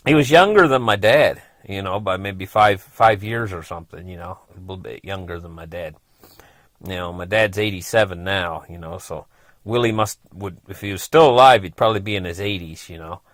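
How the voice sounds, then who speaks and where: A man's voice: low-pitched, brisk, fairly bright tone, no room sound. A middle-aged man casually telling a personal story, rambling along with lots of "you know" and frequent chuckles.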